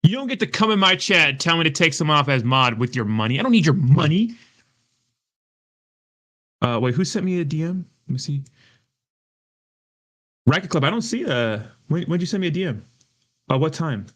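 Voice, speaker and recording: A man chatting live with his viewers, hungover and quick to curse. He talks in a heated way, reading comments aloud and answering them off the cuff. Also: on the high side, big pitch swings, fairly bright tone. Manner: profane, heated, reacting to chat. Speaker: crypto livestream host. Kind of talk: casual livestream chat reading comments.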